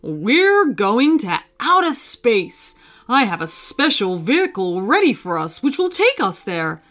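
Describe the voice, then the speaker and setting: A cheerful father fox from a bedtime storybook speaks gently and steadily, soothing his children, as a woman puts him on. The voice stays close to the reader's own, a touch brighter and slow-paced. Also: fairly high pitch, big pitch swings. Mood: excited. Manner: gentle, reassuring tone.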